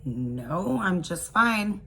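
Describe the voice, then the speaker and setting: A woman's voice: fairly low pitch, very animated, extremely slow, creaky, a bit bright, slightly rough, full character voice, low-quality recording. A woman sketching a dismissive, passive-aggressive husband. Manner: irritated, brushing off questions.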